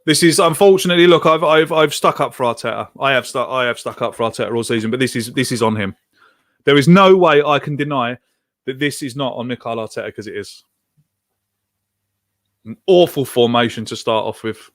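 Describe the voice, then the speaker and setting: A podcast host streams a live watch-along of a football match, his mid-range, slightly bright voice moving fairly quickly. He sounds exasperated and frustrated as he reacts, reading viewer comments out loud.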